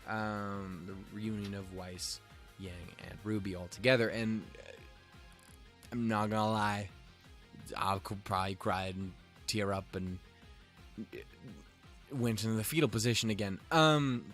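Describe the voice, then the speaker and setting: A young man rambles through an episode recap in a relaxed, casual way. His talk is full of "um"s, restarts and constant swearing, with joking asides. Faint music plays underneath. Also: lowish voice, unhurried, long pauses. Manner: profane, filler-heavy, joking. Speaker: show review vlogger.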